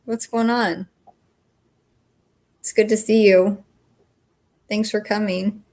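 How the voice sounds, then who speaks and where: A woman's voice: medium pitch, steady tone, takes it slowly, darkish tone. A woman chats loosely with her livestream viewers from home. She is blunt and swears freely, speaking in an ordinary mid-range voice. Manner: chatty, frank, swears freely. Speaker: livestream host. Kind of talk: casual livestream chat with viewers.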